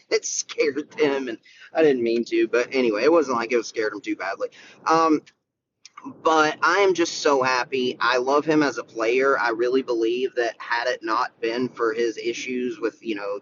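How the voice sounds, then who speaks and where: A man's voice: medium pitch, a bit bright, lo-fi sound, a little hiss or hum. A man hosting a casual solo sports podcast, talking in an enthusiastic, rambling way with many fillers and restarts.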